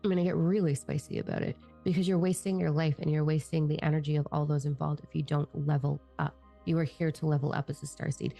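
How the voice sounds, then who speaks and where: A woman's voice: low-pitched, level tone, fast talker, gravelly, dark tone, soft background music. A middle-aged woman, a spiritual teacher and channeler, talking in a blunt, profane, fired-up monologue.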